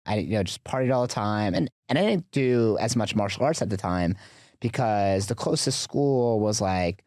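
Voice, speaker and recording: A man's voice: on the low side, normal speed, no echo, studio quality. A man as a podcast guest, telling a story in a casual, chatty way with lots of fillers. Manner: chatty, filler-heavy, animated retelling.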